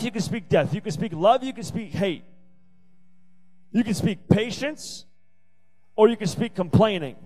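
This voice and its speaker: A man preaches to young people in a high, bright register. He hammers points home through repetition and breaks in with playful asides. Faint music sits underneath his voice. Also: low-quality recording. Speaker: youth pastor. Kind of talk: youth sermon. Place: youth service venue.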